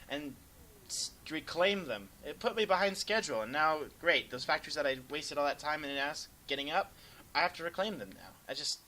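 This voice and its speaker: A young man casually commenting over a replay of a strategy game, rambling and self-deprecating, sometimes breaking into excited yelps. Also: a little high, brisk, low-quality recording. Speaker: gameplay commentator.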